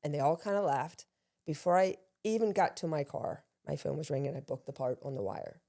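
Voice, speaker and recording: Low, mellow-voiced woman telling stories. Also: a little fast, creaky. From Maryland. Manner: lively, self-deprecating storyteller who acts out quotes. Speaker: guest, actor and law enforcement veteran. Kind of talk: casual storytelling interview.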